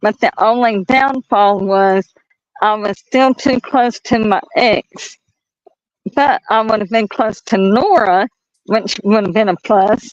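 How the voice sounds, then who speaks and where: A woman's voice: medium pitch, no echo, muffled recording. A woman with a Southern accent from the North Carolina mountains, chatting and laughing while walking outdoors at night, talking into a phone. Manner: chatty and laughing, drawn-out stories. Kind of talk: casual chat.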